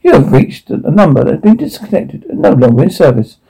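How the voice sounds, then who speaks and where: Guy reading a flat formal phone-operator recording, gravelly. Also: a little high, fairly quick, full character voice, rough recording. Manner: formal, recited.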